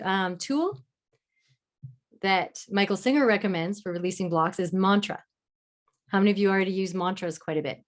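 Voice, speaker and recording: A woman hosting a live online masterclass as a mentor, explaining in an encouraging way and speaking mantras softly and slowly. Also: mid-range voice. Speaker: love mentor and masterclass host.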